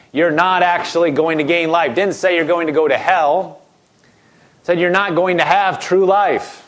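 A man preaching a sermon in a direct, conversational way, acting out quoted objections as he goes. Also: a little high.

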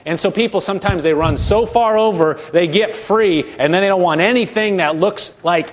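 Man preaching, fairly high voice. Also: normal speed. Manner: speaks to a congregation with rhetorical questions and repeated words. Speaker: pastor. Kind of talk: sermon.

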